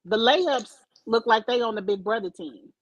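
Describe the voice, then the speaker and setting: A woman's voice: on the high side, lively intonation, normal speed, muffled recording. A woman co-hosting a casual chat show, talking in a chatty, opinionated, slangy way. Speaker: podcast co-host. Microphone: desk mic.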